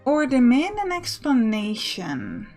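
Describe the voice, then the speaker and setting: A woman's voice: sits high, huge pitch swings, takes it slowly, darkish tone, soft background music. A woman hosting a let's play, reading the game text aloud and joking about her choices. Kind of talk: casual gameplay commentary.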